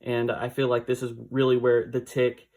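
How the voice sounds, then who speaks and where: A man's voice: mid-range voice, monotone, normal speed, a little mellow. A man casually recapping a comic book issue, rambling with fillers and small laughs.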